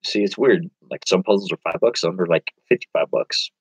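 A man with a fairly low voice rambles through a casual live stream, chatting with viewers and reading their comments aloud as he goes. He talks in an easy, wandering way about whatever comes to mind. The sound is dry and close, with no room around it. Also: fairly quick, husky, no room sound, low-quality recording. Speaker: eBay reseller hosting a live stream.

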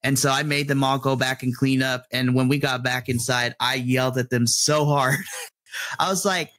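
A man, a middle school teacher, chatting casually on a podcast and telling stories in an animated way, acting out his own rants. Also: medium pitch, normal speed.

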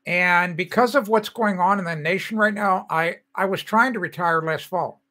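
A man's voice: high voice, moderate pace, sharp tone. An older man hosting a casual livestream, chatting loosely and reading out viewer comments as he greets people by name. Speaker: livestream host.

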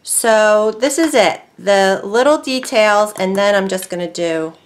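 A woman hosting a casual crafting tutorial, chatty and easily excited, talking to herself as she works. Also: mid-range voice, unhurried. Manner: chatty, excitable, talks to herself while working. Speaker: craft video host.

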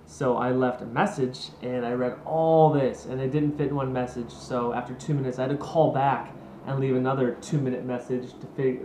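A man's voice: mid-range voice, steady tone, moderate pace, darkish tone, roomy sound, slight background noise. A man hosting a casual vlog, chatty and rambling, poking fun at himself. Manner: chatty, rambling, self-mocking. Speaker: vlog host. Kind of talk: casual talk to camera.

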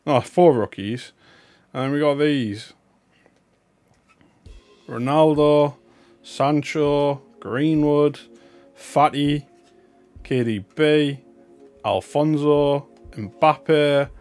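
Drawing out his words and leaving long pauses, a young card-opening streamer from North East England chats casually and glumly with viewers while mocking himself. His voice is on the high side and a little mellow, with faint music behind him.

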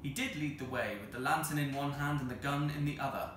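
A man reading a children's novel aloud as a storyteller, expressive and measured. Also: medium pitch. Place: arts centre hall. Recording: roomy hall with faint noise.

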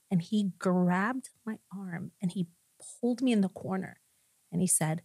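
A woman pastor sharing her personal testimony in a podcast conversation, an animated storyteller who acts out the people in her story and laughs often. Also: medium pitch, moderate pace, creaky, breathy edge, no room sound. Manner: laughs often between lines.

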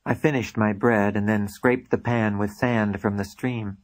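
A man's voice: fairly low pitch, fairly even intonation, a little slow, few pauses. A man narrating his own book in a reflective first-person storytelling manner. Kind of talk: audiobook narration.

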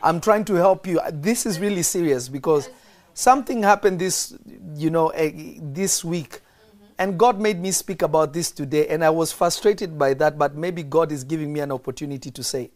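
A man's voice: a little high, normal speed, a little mellow. A man preaching as a prophet on a podcast, stressing and repeating key lines and quizzing his listeners.

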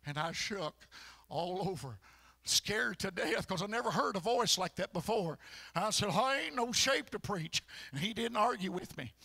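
Male preacher, real high gravelly voice, hollers and keeps saying uh amen, dry close sound. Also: expressive, moderate pace. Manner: shouting bursts, constant "uh, amen". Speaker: pastor. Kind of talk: fiery sermon. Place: church sanctuary.

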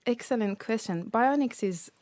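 A woman researcher being interviewed on radio, explaining her work in a measured, careful way. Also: a little high, lively intonation, a little mellow, slight background noise. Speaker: researcher guest.

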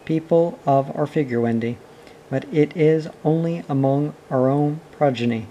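Man voicing a breezy boy playing at fatherhood, storybook figure, mellow tone. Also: on the high side, moderate pace, lo-fi sound, slight background noise, lightly acted. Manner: breezy, then anxious and puzzled. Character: boyish carefree boy pretending to be father. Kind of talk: audiobook reading.

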